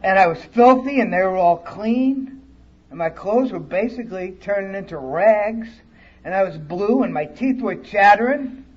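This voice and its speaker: A man's voice: high voice, a little mellow, dull audio. A man speaking at a recovery conference, telling his personal story bluntly and with profanity. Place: conference hall.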